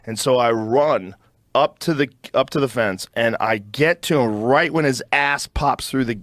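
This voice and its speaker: A man's voice: mid-range voice, normal speed, no echo. Guy on a podcast telling a wild story, swears a lot, dead dry sound. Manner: animated, profane, acts out voices in his stories. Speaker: podcast host. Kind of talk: casual storytelling chat.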